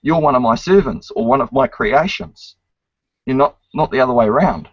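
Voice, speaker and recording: A man's voice: mid-range voice, animated, normal speed, no echo. A man hosting a casual online chat, lecturing emphatically and swearing often. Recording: dry, dull lo-fi sound.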